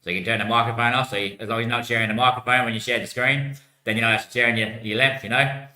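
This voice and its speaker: A man's voice: mid-range voice, fairly even intonation, quick pace, bright, forceful tone. Rambling, foul-mouthed livestreamer, a man with a keen, cutting voice, laptop mic in a reverberant room. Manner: rambling, slangy, swears often, calls everyone mate. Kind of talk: casual rambling livestream chat. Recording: echoey room.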